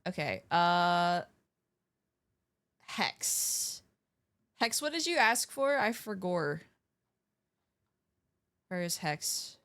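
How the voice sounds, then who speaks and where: Casual young woman streamer: slow, relaxed delivery, laughs often, casually profane. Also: on the low side. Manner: giggly, swears casually, playful. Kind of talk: casual livestream chat.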